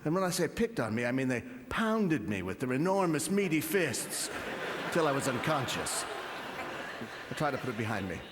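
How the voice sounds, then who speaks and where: A man hosting a comedy show with stand-up, dry and deadpan with sudden high outbursts. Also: normal speed. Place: comedy club stage. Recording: roomy hall with audience noise.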